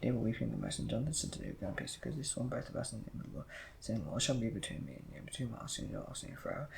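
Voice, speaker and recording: A man reading scripture aloud in a rushed way, with slips and restarts. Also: lowish voice, very animated, gravelly, noisy background. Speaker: Bible reader.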